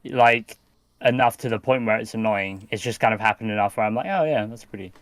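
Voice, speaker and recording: A British man talks as a guest on a casual podcast, pausing with fillers and restarting his sentences. His voice is smooth and resonant. The recording is dry and close. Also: lowish voice, no room sound. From United Kingdom. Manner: hesitant, many fillers and restarts, laughs often.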